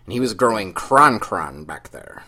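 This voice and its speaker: A man's voice: fairly low pitch, big pitch swings, moderate pace, crowd noise. A man co-hosting a casual podcast, making playful wisecracks. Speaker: podcast co-host. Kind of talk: casual chat.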